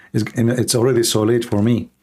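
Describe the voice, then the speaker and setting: A man hosting a live call-in stream, arguing in a mocking, combative way and driving his points home with rhetorical repetition. His voice sits at an ordinary pitch but sounds hoarse and worn, with coughs breaking in. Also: a little mellow. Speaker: livestream host debating callers.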